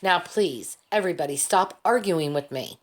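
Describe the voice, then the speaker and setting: A tired, stubborn young soldier talks wearily but will not give an inch, as a woman reads him in an audiobook. His voice sits a little low and plain. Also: expressive, normal speed. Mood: insistent. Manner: weary and insistent. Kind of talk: audiobook character voice.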